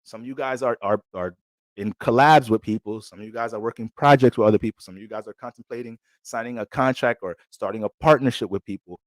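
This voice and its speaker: A man's voice: mid-range voice, fast, dry recording, clean studio sound. A man giving an astrology forecast in a casual, blunt and profane way. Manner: blunt, streetwise and heavy on profanity. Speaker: astrologer giving a sign reading.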